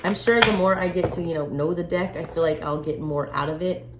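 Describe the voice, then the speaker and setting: A woman doing a casual, chatty tarot unboxing and reading, excitable and cursing freely as she goes through the cards. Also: fairly low pitch, a little fast. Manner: chatty, excitable, swears casually, frequent laughs. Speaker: tarot reader. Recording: echoey room with faint background noise.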